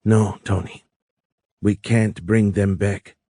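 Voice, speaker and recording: A man voicing a calm, wise alien woman with a foreign accent, speaking slowly and explaining patiently in an audiobook. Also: fairly low pitch, no echo, studio quality. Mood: tender. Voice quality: foreign accent, soft raised voice. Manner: slow, measured, explanatory.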